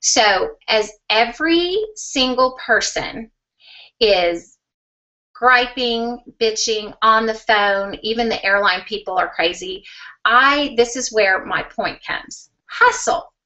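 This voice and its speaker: A woman telling a personal anecdote in a lively, animated way, acting out what people said. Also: on the high side, slow pace. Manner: lively, animated retelling with acted-out quotes. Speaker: speaker sharing a personal story. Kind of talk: storytelling anecdote. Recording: dull, slightly distant sound.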